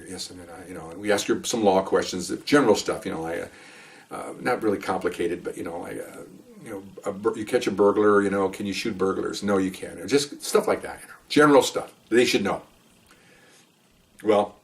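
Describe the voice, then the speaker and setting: Older man, retired cop storyteller, low voice, rambling with fillers, a bit off-mic. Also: recorded from a distance. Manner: rambling, acts out quotes, many fillers. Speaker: retired police veteran telling stories. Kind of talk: casual storytelling.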